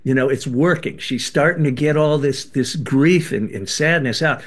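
An older man, a guest on an interview show, telling a personal story in a lively way and acting out the voices he quotes. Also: on the high side, normal speed. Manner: animated, acts out quoted voices. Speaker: guest, former band member and author.

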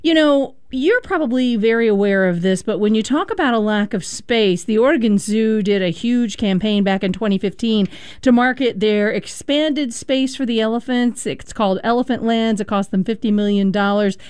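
A woman's voice: a little high, moderate pace, a little mellow, clear, resonant tone, dry recording. A woman hosting a radio interview, asking questions in an engaged, conversational way. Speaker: radio host.

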